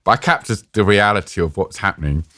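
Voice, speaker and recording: Deep british guy, dry close mic, tells stories and mocks himself doing the voices. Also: fast, pushed and bright, no room sound. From Britain. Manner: self-mocking, acts out quoted voices. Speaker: war journalist guest. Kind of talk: animated storytelling in an interview. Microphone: podcast mic.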